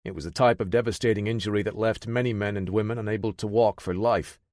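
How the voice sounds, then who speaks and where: A man narrating an audiobook thriller in a steady, measured way. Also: lowish voice, no room sound, clean studio sound.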